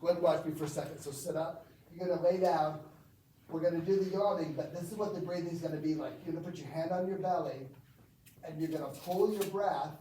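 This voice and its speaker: A man's voice: a little high, fast talker, mellow, slight background noise. A man instructing a group in breathwork, explaining and asking the group questions. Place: gym or team room. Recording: echoey room, from far off.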